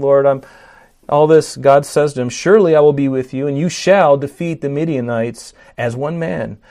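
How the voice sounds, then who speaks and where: Animated male preacher with mellow tone. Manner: animated preaching, acts out scripture quotes with rising pitch and volume; fillers and restarts. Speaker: pastor. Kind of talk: sermon.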